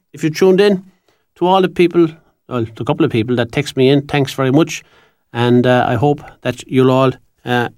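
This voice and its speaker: A man's voice: a little high, dry recording. A man with an Irish accent presenting on local radio, reading out notices in a chatty, rambling way that loses its thread at times. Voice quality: chatty, rambling, loses his train of thought. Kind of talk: casual radio announcements and sign-off. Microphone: studio microphone.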